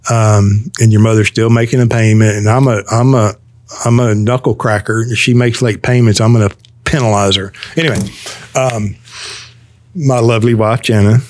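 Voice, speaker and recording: A man's voice: fairly low pitch, steady tone, moderate pace, a little mellow, dry recording. A man hosting a podcast in casual chat, joking and explaining at length. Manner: joking, talks in long explanatory runs. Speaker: podcast host.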